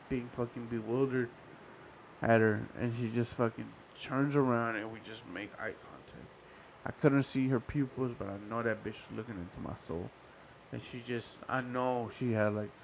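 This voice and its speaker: Young male podcast host, gravelly, animated profane storyteller. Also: mid-range voice, a little hiss or hum, poor audio. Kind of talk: casual storytelling.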